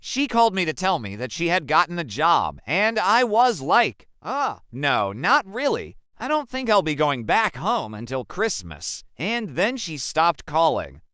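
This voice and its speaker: A young man from Africa narrating a personal story in the first person, slow and emphatic. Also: on the high side, huge pitch swings, pushed and bright, no room sound, studio quality. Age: young adult.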